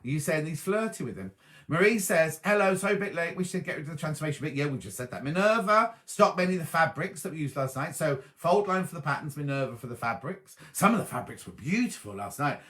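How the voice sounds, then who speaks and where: A man's voice: a little high, expressive, fast talker, fairly bright tone. A man hosting a casual live stream, chatting and reading viewer comments aloud and answering them. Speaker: host reading live chat.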